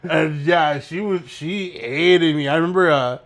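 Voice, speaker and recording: A man's voice: on the high side, unhurried, fairly bright tone. A young man co-hosting a podcast, telling rambling, laid-back stories and laughing as he goes. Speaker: podcast co-host. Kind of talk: casual storytelling chat.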